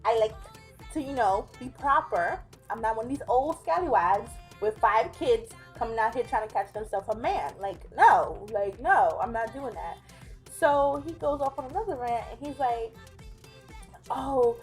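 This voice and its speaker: A young woman tells a story to camera in a chatty vlog, her voice sitting a little high for a woman. She stays lively and keeps dropping into mock voices for the people she quotes. Soft music plays faintly behind her. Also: moderate pace. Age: young adult. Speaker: vlogger. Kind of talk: casual storytime.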